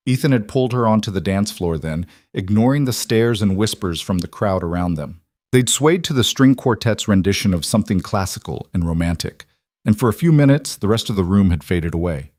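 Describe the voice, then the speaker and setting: A man narrates a story in an even, measured voice, pitched on the low side. The recording is dry and close, with no room sound. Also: no echo.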